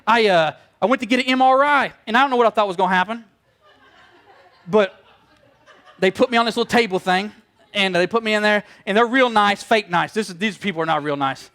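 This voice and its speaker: A middle-aged pastor, preaching a sermon, telling stories and acting out quoted voices in an animated way. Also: male voice, high-pitched, a little fast.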